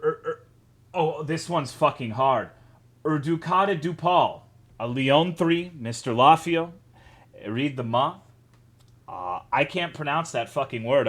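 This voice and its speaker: Male streamer, casual, swears a lot, joking, mid pitch, desk mic. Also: a bit bright. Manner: profane, joking, greets chat by name. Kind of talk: casual live-stream chat.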